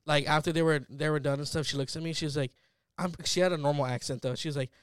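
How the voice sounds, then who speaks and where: A man's voice: a little high, fairly even intonation, fast, smooth, dry recording. A young adult man, co-hosting a podcast in a rambling, filler-heavy storytelling way. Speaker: podcast co-host. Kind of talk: casual podcast chat.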